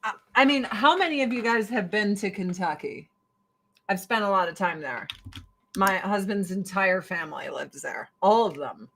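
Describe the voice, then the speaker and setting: A woman's voice: medium pitch, animated, moderate pace, a bit bright, slight background noise, rough recording. A woman hosting a casual commentary stream, ranting sarcastically and swearing freely. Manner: sarcastic, profane, exasperated.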